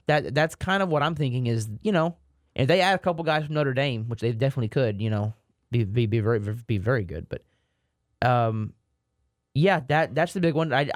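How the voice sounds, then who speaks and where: A man's voice: medium pitch, no echo, clean studio sound. A man co-hosting a sports podcast in casual chat, rambling and repeating words, with self-mocking asides. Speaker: podcast co-host.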